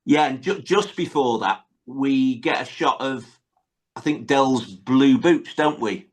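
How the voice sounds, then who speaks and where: A man's voice: mid-range voice, takes it slowly. A man hosting a podcast, casually retelling sitcom scenes with many tag questions. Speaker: podcast host. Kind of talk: casual chat recapping a sitcom episode.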